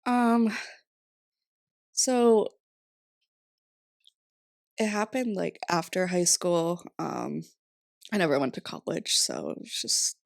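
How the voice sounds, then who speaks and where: A woman's voice: fairly low pitch, slow, gravelly, pauses often, no room sound, clean studio sound. A young woman in her twenties from Rhode Island, chatting casually as a podcast guest, laughing often and saying "like" a lot. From Rhode Island, USA. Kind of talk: casual interview chat.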